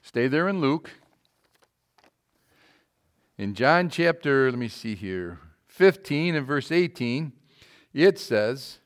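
A man's voice: mid-range voice, expressive, slow pace, pauses often. Emphatic male preacher. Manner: emphatic preaching, swinging from loud calls to quiet asides. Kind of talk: sermon.

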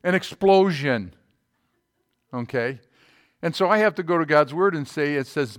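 A man's voice: high voice, a little fast. A man in his sixties preaching a sermon as a pastor, telling a personal story and often checking in with his listeners.

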